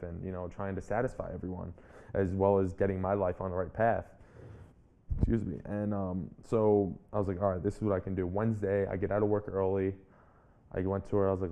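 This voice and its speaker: A man's voice: sits low, gravelly, warm tone, highs cut off. A man in his twenties, an interview guest and speaker, telling a personal story in an earnest, reflective way and often restarting his phrases. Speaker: guest, public speaker and author.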